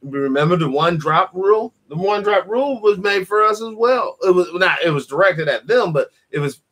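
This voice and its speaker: A man hosting a call-in talk show, chatting casually and acting out quotes in animated, profane stories. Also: sits high, moderate pace. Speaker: podcast host. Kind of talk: casual chat.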